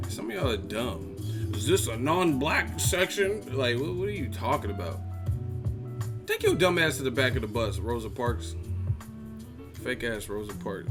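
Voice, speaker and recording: Cast a male boxing stream host, heated and profane, faint music behind. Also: medium pitch. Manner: profane, heated, laughing mid-sentence. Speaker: host of a boxing live chat. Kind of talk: live stream rant.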